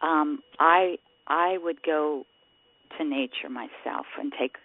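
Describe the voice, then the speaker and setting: A woman in a casual talk show sharing a reflective story in a gentle, hesitant way. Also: low-pitched, slow pace, no room sound. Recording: tinny phone-line sound.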